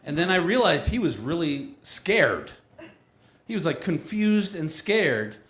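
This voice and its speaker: Wry stand-up comedian, echoey room. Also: male voice, fairly high pitch, very animated, a little slow, fairly bright tone. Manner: wry, self-mocking storytelling.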